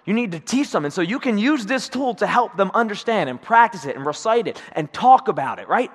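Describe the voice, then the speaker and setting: A man's voice: sits high, expressive, brisk, husky, long reverb tail. A man preaching a sermon in a church, talking conversationally and often checking in with his listeners. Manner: conversational, acts out quotes, checks in with "right?". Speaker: pastor. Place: church sanctuary.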